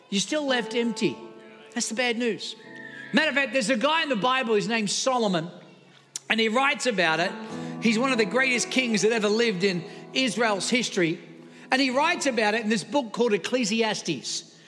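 A male preacher with a strikingly high, bright voice delivers a storytelling sermon, tossing jokey asides to his listeners. His words ring out with a long hall reverb. Soft music plays underneath.

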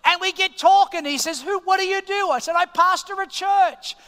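Man, Australian accent, middle-aged, pastor preaching a sermon, very high voice, animated storyteller, long church-hall reverb. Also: normal speed. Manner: animated storyteller, swings from hushed asides to loud excited peaks. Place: church auditorium.

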